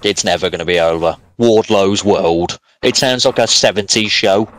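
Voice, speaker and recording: Low-voiced and fairly quick, this man co-hosts a podcast and chats casually about a wrestling show, rambling with plenty of fillers. His tone is fairly bright, and there's no room sound.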